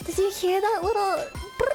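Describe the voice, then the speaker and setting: A woman streaming a game from her desk at home, excitable and giggly, swearing freely in casual chat. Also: extremely high pitch.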